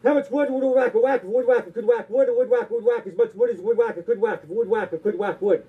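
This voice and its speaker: A man's voice: extremely high pitch, breathy edge. A man doing stand-up comedy, rattling off long tongue twisters and sounding out of breath. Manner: rapid tongue-twister patter with silly punchlines. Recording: tinny phone-like sound.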